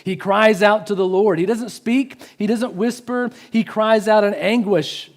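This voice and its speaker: A man giving a sermon in a church, swinging from loud pleading to hushed, slow emphasis. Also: sits high. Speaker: pastor.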